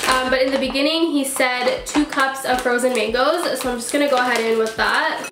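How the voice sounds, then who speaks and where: A woman's voice: high-pitched, fairly even intonation, brisk, a bit bright, soft background music. A woman hosting a casual cooking vlog in her home kitchen, chatty and upbeat, her voice nasal and stuffy from a cold. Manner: chatty and upbeat, with frequent fillers. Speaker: cooking channel host. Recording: echoey kitchen.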